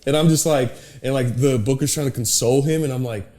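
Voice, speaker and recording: Young male podcast host, mid-pitch, lively storyteller, swears, mimics people. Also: quick pace. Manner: animated storyteller, swears often, acts out quotes. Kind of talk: casual chat.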